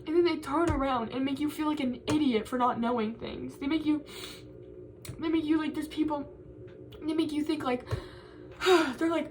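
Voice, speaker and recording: A woman's voice: high-pitched, normal speed, pauses often, distant mic, a little hiss or hum. A young woman, a college student, venting to camera in a frustrated, tearful, rambling way and repeating herself. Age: young adult.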